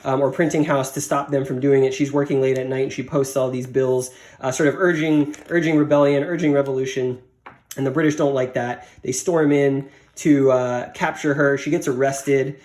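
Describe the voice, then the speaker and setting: A man's voice: medium pitch, fairly even intonation, moderate pace, darkish tone. A man casually reviewing comics, rambling with many fillers and restarts.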